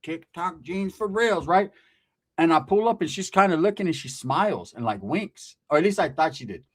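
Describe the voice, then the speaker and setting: A man's voice: fairly high pitch, lively intonation, moderate pace. A man from California telling a crude, rambling story full of slang and asides. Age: adult. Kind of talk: casual comic storytelling.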